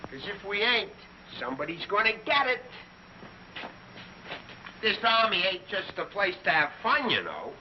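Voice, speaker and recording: A folksy army sergeant from an old TV sitcom who nags about tidiness. His high voice swoops up and down. The old TV sound is dull. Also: big pitch swings, measured pace, pauses often, slight background noise. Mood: fussy. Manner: folksy, nagging about neatness.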